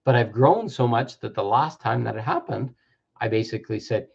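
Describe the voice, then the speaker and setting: A man's voice: mid-range voice, expressive, moderate pace, creaky, slightly rough. A man in his fifties giving an earnest self-help talk, sometimes acting out the voices of people he quotes. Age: 50s. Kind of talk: reflective personal-growth talk. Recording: dull lo-fi recording.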